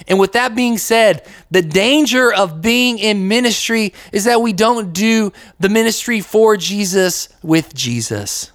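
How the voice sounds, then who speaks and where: A man's voice: high-pitched, a little slow, few pauses, a bit bright, no echo, studio quality. A young man from the United States talking casually as a Christian podcast host. He uses lots of "like" fillers and acts out little quotes as he goes. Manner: conversational, with many "like" fillers and acted-out quotes. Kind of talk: casual faith podcast talk.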